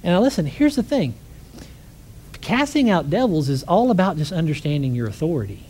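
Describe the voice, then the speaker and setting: A man preaching a conversational sermon, telling stories with lively energy and asking the congregation rhetorical questions. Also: on the high side, a little fast, slight background noise.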